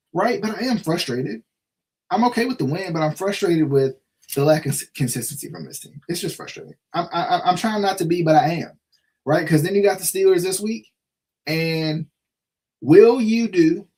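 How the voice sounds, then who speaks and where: A man with a slightly high voice hosts a casual sports live stream. He vents his frustration, circles back to the same points and keeps asking "right?" as he talks straight to his viewers. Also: darkish tone. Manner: frustrated, repetitive, full of restarts and "right?". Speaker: sports show host.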